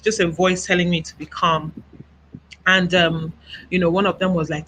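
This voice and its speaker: A woman from Nigeria, interviewed over a video call, recounts her own experience in a soft, halting way. She often stops to gather her words and leans on small fillers. Her voice is bright and slightly tense. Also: on the low side, steady tone, a little hiss or hum, rough recording. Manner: soft-spoken, halting, reflective, many "you know" fillers. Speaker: interview guest.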